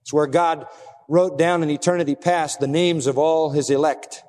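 A man preaching from the pulpit with a high, bright pitch, his voice trailing off in a long hall reverb. He speaks emphatically, pressing his listeners with rhetorical questions. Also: steady tone, normal speed. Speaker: pastor. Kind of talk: sermon.

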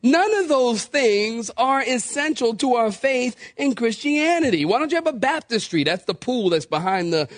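Male pastor preaching, high voice that swings all over, jokey and lively, dry close sound. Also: normal speed, few pauses, no room sound. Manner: animated, joking, acts out quoted people; calls for responses from the congregation. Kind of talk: sermon.

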